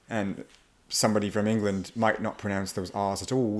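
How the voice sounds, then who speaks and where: A man's voice: fairly low pitch, steady tone, a little fast. A man working as an English accent coach, explaining and demonstrating pronunciation in a casual podcast conversation.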